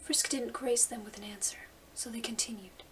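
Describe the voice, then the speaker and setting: A woman reading a story aloud in a soft, hushed whisper, on a slightly distant mic. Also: fairly high pitch, moderate pace, a little hiss or hum. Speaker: fanfiction reader.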